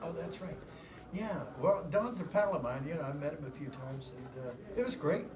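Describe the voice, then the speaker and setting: A man's voice: a little high, moderate pace. An older man, a guest voice actor, chatting loosely with restarts at a convention panel. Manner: chatty, rambling with restarts and laughs. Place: convention hall. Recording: crowd noise at a live convention.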